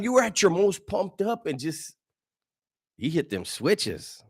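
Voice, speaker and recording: A man's voice: fairly high pitch, very animated, normal speed. A man hosting a casual livestream, reading chat messages in a slangy way, laughing often and stumbling over his words.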